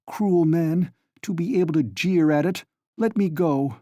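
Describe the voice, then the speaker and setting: A man's voice: on the high side, a little slow, mellow, no room sound, studio quality, pitched above the performer's own voice, close to an everyday voice. A man voicing a distraught young woman who pleads frantically in a raised voice. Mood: accusing.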